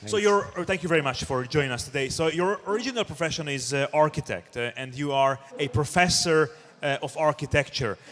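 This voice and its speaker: A man hosting a conference on stage, lively and jokey, with many filler sounds. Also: fairly high pitch, big-room sound. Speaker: event host. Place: conference stage in a large hall.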